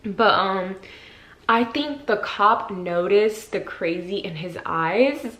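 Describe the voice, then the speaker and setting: Young woman vlogger in a casual storytime: chatty, heavy on "like," jumps loud when she acts out quotes. Mid-pitched voice in an echoey room. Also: lively intonation, slow. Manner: chatty, frequent "like" fillers; acts out quotes with sudden shifts in loudness. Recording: roomy echo.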